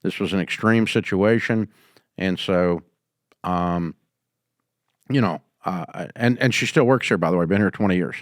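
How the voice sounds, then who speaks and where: An older man hosting a business advice show, answering a caller in a folksy storytelling way and going quieter when he quotes people. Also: deep voice, unhurried, pauses often, no echo, clean studio sound. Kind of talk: call-in advice talk.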